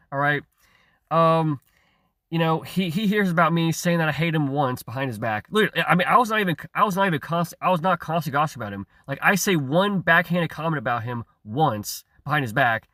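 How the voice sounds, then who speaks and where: This man speaks a little high, with a bright, forceful tone, in a dry, studio-quality recording. He's an online commentator ranting in a rambling, profane monologue, stumbling over words, circling back to the same points and laughing between lines.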